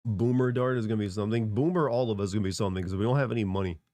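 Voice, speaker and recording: A man's voice: fairly low pitch, very fast, warm tone, dry recording. A congested man streaming, rambling casually as he answers chat. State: congested from a cold.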